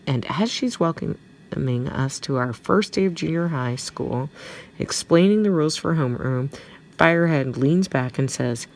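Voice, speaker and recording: A woman's voice: deep voice, lively intonation, measured pace. A woman reading a children's novel aloud chapter by chapter, as a teacher for her students. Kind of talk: storybook read-aloud.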